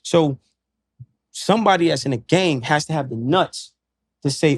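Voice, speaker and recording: A man's voice: a little high, normal speed, no echo, clean studio sound. A man who is a podcast guest, lecturing in casual chat with emphatic, profane street slang. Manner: preachy, lecturing.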